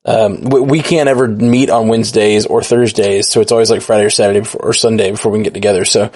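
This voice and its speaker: A man's voice: on the low side, steady tone, fast talker, darkish tone. A man co-hosting a podcast in casual chat, rambling and correcting himself as he talks. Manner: rambling, self-correcting, easygoing. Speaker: podcast co-host.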